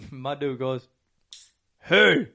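Man, young adult, crude casual storytelling, rowdy, profane, fairly high pitch. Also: fast talker, a bit bright.

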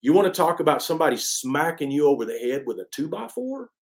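A man's voice: on the high side, big pitch swings, fast, darkish tone. A man from East Texas, a country singer telling his story as an interview guest in a casual, emphatic way with many restarts.

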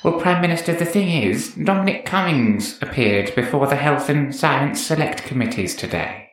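A woman's voice: deep voice, expressive, normal speed. A woman voicing a nervous, deferential male cabinet minister who speaks hesitantly. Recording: very echoey, distant, faint noise.

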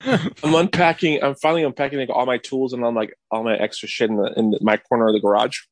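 A man co-hosting a casual podcast, telling stories in a profane, animated way. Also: mid-range voice, quick pace, no echo. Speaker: podcast co-host.

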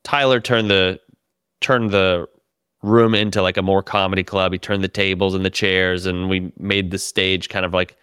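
Profane, animated male storyteller, smooth voice. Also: deep voice, moderate pace, dry recording, studio quality. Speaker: comedian telling tour stories. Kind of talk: casual podcast chat.

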